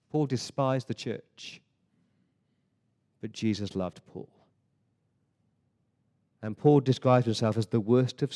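An English pastor preaches emphatically at a church service, using rhetorical questions and frequently repeating words. His voice is mid-range and mellow, heard in a large hall.

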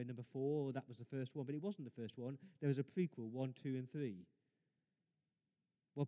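A man's voice: on the high side, lo-fi sound. Man preaching in an echoing church. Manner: emphatic preaching, rising to loud exclamations and dropping to quiet asides. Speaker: pastor. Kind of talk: sermon. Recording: long reverb of a church hall.

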